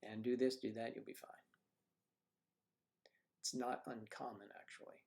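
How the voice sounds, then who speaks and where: An older man with a gravelly, mid-range voice hosts a casual livestream from home. He wanders through anecdotes, restarting sentences and clearing his throat as he goes. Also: medium pitch, little pitch movement, moderate pace, darkish tone. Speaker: livestream host. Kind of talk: casual chat reading viewer comments.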